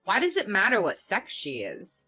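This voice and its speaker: A woman narrating a story in the first person with steady recounting. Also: medium pitch, normal speed, soft background music.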